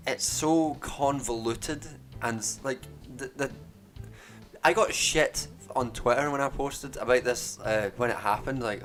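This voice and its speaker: A man's voice: mid-range voice, a bit bright, faint music behind. Sardonic man ranting on stream. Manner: sardonic, profane, halting with many restarts. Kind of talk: casual rambling stream chat.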